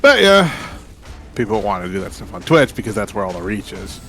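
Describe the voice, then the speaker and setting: A man's voice: on the low side, big pitch swings, fairly quick, background noise. A man hosting a live game stream, chatting casually and playfully, laughing often. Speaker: stream host.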